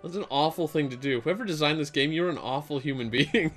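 A man's voice: a little high, fast talker, a bit bright, soft background music. A man hosting a let's play, chatting casually while he plays and rambling through stories with lots of fillers. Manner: rambling, filler-heavy storytelling. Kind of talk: casual gameplay chat.

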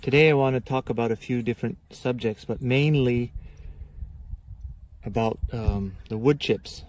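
A man from Quebec, speaking English with a Quebecois French accent, hosts a casual gardening explainer. His pitch sits in an ordinary middle range. He talks in a chatty, meandering way, full of fillers and restarts. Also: normal speed. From Quebec, Canada. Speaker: gardening channel host.

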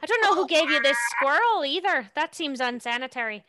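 A woman's voice: high-pitched, animated, brisk, bright, forceful tone, dry recording, studio quality. A woman voicing a kindly, fussy, middle-aged washerwoman in a tabletop game. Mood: fussing.

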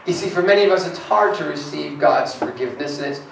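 A man's voice: fairly high pitch, fast, creaky, slight background noise. A preaching man in an echoey church. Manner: earnest preaching, rising emphatic when reading scripture. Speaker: pastor. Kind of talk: sermon. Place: church sanctuary. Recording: echoey hall from far off.

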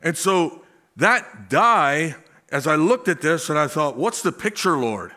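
Bright-voiced man preaching. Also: on the high side, very animated. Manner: folksy asides with chuckles; slow, drawn-out delivery with emphatic swells. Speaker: pastor. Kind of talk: sermon.

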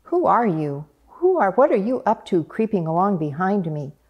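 A woman voicing a small, earnest, chatty female duck in a storybook reading, with a high, questioning voice. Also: very animated, moderate pace, breathy edge, dull audio. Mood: curious.

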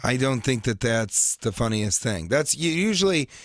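Rambling animated comedian on radio. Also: male voice, medium pitch, normal speed, no echo, clean studio sound. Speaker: comedian guest. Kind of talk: casual radio interview. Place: radio studio.

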